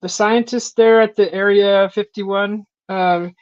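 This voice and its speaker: A woman in casual chat, rambling through a story and acting out quotes in a higher voice, on a stream mic. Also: fairly even intonation, slow pace, a little mellow, dry recording. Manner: rambling storyteller, acts out quotes with a high voice and laughs. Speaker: stream host. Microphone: streaming call mic. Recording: dull lo-fi stream audio.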